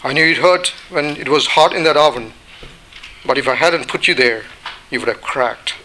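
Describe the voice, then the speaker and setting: A man voicing a patient master potter who calmly explains himself in a storybook parable. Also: mid-range voice, normal speed, noisy background, lightly acted. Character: patient old master potter, calm and firm.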